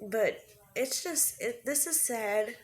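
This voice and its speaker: A woman's voice: on the high side, lively intonation, slow pace. A young adult woman hosting her own channel, ranting with anger and bluntness and swearing freely as she talks to her viewers. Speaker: YouTube commentary host. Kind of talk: casual commentary rant.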